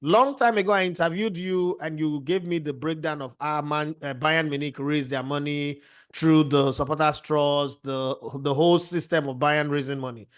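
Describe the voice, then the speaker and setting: A man's voice: on the high side, fairly even intonation, moderate pace, smooth. A man hosting a heated football discussion, firing rhetorical questions at his guests. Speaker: host. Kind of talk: heated sports debate.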